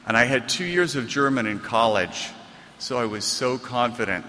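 Bright-voiced American man telling a story. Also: medium pitch, normal speed, long reverb tail. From United States. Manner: animated, self-mocking delivery. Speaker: author giving a reading. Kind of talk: comic storytelling to a live audience.

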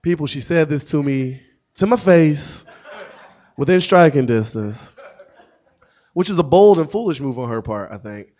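A man in his thirties, a comedian and author, telling a story to an audience with wry, deadpan asides. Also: a little high, normal speed, pauses often. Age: 30s. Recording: dull lo-fi sound.

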